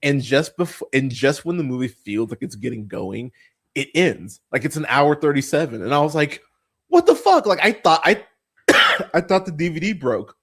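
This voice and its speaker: A man's voice: medium pitch, lively intonation, normal speed, fairly bright tone. A man hosting a casual film podcast, blunt and profane, rambling with lots of fillers. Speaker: podcast host.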